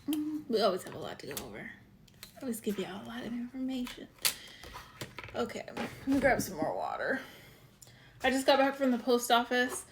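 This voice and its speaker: A woman's voice: on the high side, a little hiss or hum. A woman hosting a casual live-stream show, chatting and greeting viewers by name. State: out of breath. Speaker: waxing show host.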